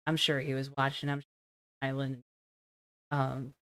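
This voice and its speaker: A woman's voice: extremely low pitch, flat delivery, unhurried, a bit bright, dry recording. A woman interviewing a race driver after a race, friendly and reassuring, asking rambling questions.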